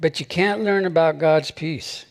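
A high-voiced pastor chuckling through his sermon. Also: unhurried, gravelly. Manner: conversational, chuckles often between phrases. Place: church service.

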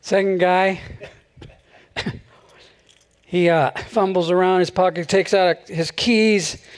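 During a church service, a pastor with a notably high, smooth voice delivers a sermon in a light, chatty way. He chuckles often between phrases, and his tone stays steady, friendly, and unhurried throughout.

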